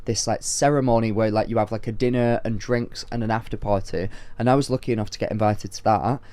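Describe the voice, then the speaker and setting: A young man in his twenties co-hosting a podcast, telling stories in a casual, animated way with lots of fillers. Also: on the low side, fast, no room sound. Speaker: podcast co-host. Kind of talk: casual chat.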